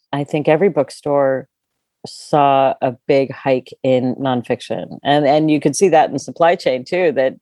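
A woman's voice: deep voice, mellow, no room sound, studio quality. A middle-aged woman who owns a bookstore, chatting in an interview with enthusiasm, full of fillers and restarts. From California. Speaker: bookstore owner. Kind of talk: casual interview chat.

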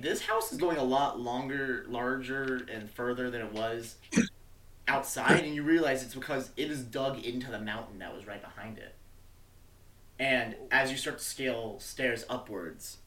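A man's voice: medium pitch, fairly bright tone. Casual male game master, swears a lot. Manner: casual, swearing, filler-heavy. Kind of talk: narrating a tabletop game.

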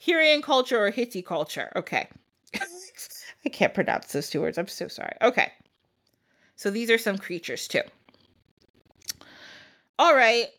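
A woman's voice: fairly high pitch, big pitch swings, measured pace, pauses often, a bit bright. Chatty woman podcast host. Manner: chatty, laughs often, slangy asides. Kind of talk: casual storytelling.

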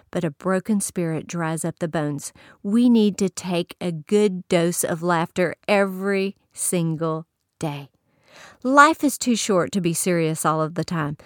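A woman's voice: medium pitch, no room sound, clean studio sound. A woman giving a folksy inspirational sermon, telling stories and laughing often.

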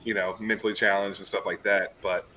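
A man's voice: on the low side, little pitch movement, brisk, sharp tone, slight background noise, poor audio. A man, a podcast guest, telling rambling stories about bartending in a casual chat. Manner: rambling, laughing storyteller full of "like" and "you know".

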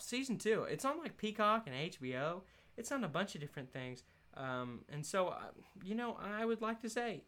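A man hosting a casual solo podcast, rambling and laughing his way through his points. His pitch swoops up and down in a lively way. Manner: giggly, animated, rambling with fillers and laughs. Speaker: podcast host.

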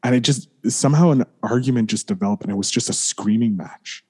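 A man as a podcast guest, candidly recounting a hard period in a rambling way, full of restarts, and quieter as things get heavy. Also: medium pitch, a little fast, slightly rough. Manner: rambling, heavy use of "like", frequent restarts, swears and apologizes. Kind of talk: candid personal storytelling.

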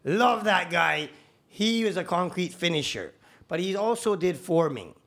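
A young adult man, a construction worker and podcast guest, telling a work story in casual chat, animated and swearing freely with many restarts. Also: high voice, a little slow, gravelly.

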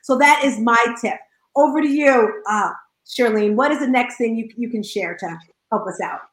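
A woman hosting a panel chat who talks in an upbeat, exclamatory way and sometimes shouts for emphasis. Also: fairly high pitch, normal speed. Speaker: host. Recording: roomy echo.

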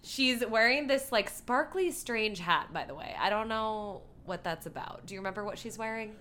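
A woman's voice: medium pitch, moderate pace, pushed and bright, a little hiss or hum. A woman co-hosting a podcast, recapping an episode in casual chat and laughing often. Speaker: podcast co-host.

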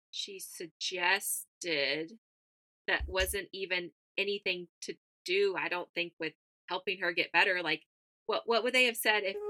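A woman's voice: lowish voice, bright, forceful tone, dry recording. A woman co-hosting a podcast, reacting and chiming in during a casual chat. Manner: reactive listener, quick to agree and question. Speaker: podcast co-host.

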